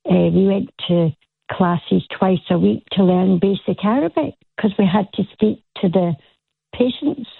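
A woman with a Glasgow Scottish accent, calling in to a radio show and chatting with a gravelly, husky voice, laughing easily. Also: mid-range voice, measured pace, dry recording. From Scotland. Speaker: caller. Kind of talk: casual phone-in call. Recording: tinny phone line.

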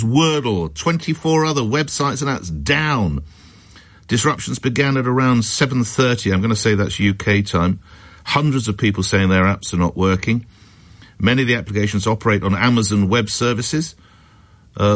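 A man hosting a radio phone-in show, reading news items and talking with callers, with chatty, wry asides. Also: mid-range voice.

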